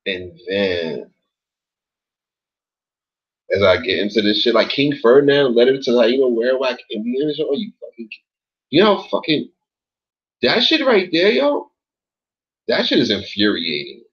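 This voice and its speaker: Slangy rambling man, husky lo-fi voice. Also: unhurried, long pauses. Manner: slangy, rambling, swearing often; jumps to high excited pitch when worked up. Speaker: online show host. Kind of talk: loose casual commentary. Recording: dull lo-fi sound.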